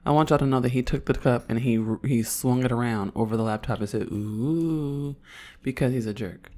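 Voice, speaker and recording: A woman in her thirties from Oakland with an Oakland accent, co-hosting a podcast in casual banter, her voice hoarse and raspy, playful and blunt. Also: rumbling low, fairly even intonation, fast talker, warm tone. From Oakland, California. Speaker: podcast co-host.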